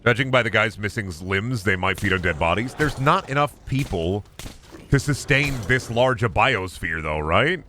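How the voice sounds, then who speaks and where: Young guy streaming a game, rambling and swearing a lot, bright voice that jumps all over the place. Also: lowish voice, expressive, normal speed, a little hiss or hum. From United States. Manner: rambling, profane, joking asides. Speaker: streamer playing a video game. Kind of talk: casual gaming commentary.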